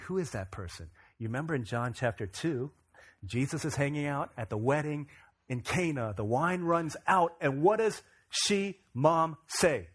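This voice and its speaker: A man preaching a sermon, moving between quiet reflection and loud, emphatic bursts. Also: medium pitch, expressive, brisk, slightly rough. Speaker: pastor.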